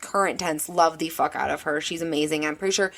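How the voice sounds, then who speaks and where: A woman's voice: low voice, steady tone, fast talker, creaky. Candid, swearing woman telling her story. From American Midwest. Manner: candid, swears freely, wry asides. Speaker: podcast host. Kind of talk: casual storytelling monologue.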